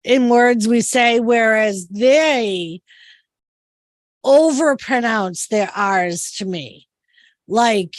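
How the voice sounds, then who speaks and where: In a dry recording, this Massachusetts-accented woman from that state speaks a little high, drawing out words and pausing often. She's a chatty storyteller in casual conversation, peppering everything with "like."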